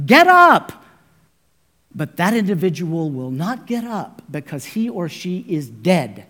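Casting: male pastor, pitched a bit high, emphatic sermon delivery, speaks warmly to "friends". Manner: emphatic preaching, addresses listeners as friends.

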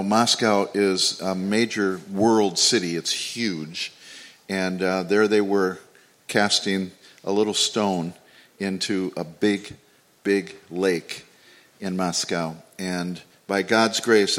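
A man introducing a guest pastor to his church in a relaxed, informal way with many pauses and fillers. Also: deep voice. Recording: long hall reverb.

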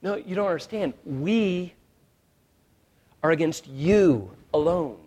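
A male pastor preaching a sermon, swinging from hushed, quiet lines to loud shouted ones. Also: a little high, takes it slowly.

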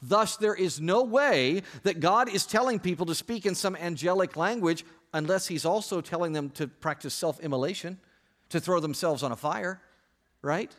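A man preaching from a church stage, his voice sitting a little high for a man. He keeps the congregation engaged with jokes and a lively delivery, restarting sentences as he goes. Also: moderate pace. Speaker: pastor. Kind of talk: sermon.

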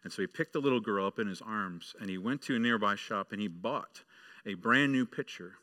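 A male pastor delivers a sermon with a bright, ringing tone. He speaks directly to the children in the room and tells them a story. He then builds to firm, emphatic preaching. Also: fairly low pitch, fairly quick.

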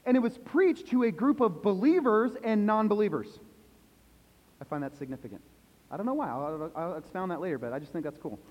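Male pastor, high voice, preaching to a church, quizzes the crowd, soft then loud, long reverb. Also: expressive, brisk. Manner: asks the congregation questions, swings from hushed to loud emphasis. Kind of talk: sermon. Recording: echoey hall, dull lo-fi sound.

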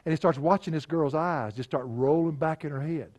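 Folksy middle-aged pastor telling stories. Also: male voice, a little high, fairly quick, a little mellow. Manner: folksy, conversational, chuckling anecdotes. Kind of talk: storytelling sermon.

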